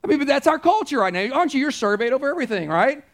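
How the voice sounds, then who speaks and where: A man's voice: extremely high pitch, sing-song, rapid-fire. A middle-aged man, preaching a conversational sermon in a church, anecdotal and emphatic. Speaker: pastor.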